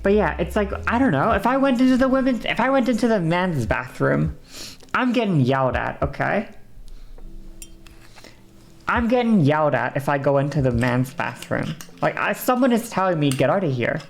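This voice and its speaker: During a casual livestream, a woman streamer chats with her viewers, swearing freely and often throwing in "you know." Her low, creaky voice is very animated and moves at a normal speed.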